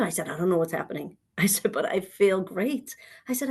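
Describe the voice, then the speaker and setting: A middle-aged woman from New telling her personal story as a guest, acting out past conversations in an animated way. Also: mid-range voice, normal speed, slightly rough.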